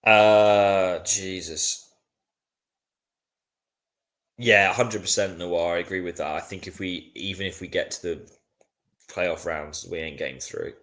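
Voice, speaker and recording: A man's voice: deep voice, moderate pace, pushed and bright. A man hosting a casual live match watchalong, tired and frustrated, chatting with viewers. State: sleepy, yawning. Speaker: watchalong host.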